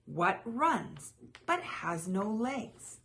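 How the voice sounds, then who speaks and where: A woman's voice: mid-range voice, sing-song, very slow, a bit bright, pitched above the performer's own voice, exaggerated voice. A woman voicing an earnest young female groundhog who forecasts the weather, in an insistent, worried manner.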